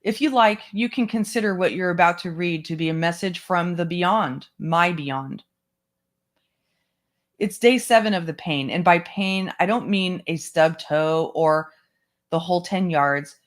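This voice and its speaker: Book club host reading a memoir out loud, mid pitch, measured, little asides here and there. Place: home setup, online stream.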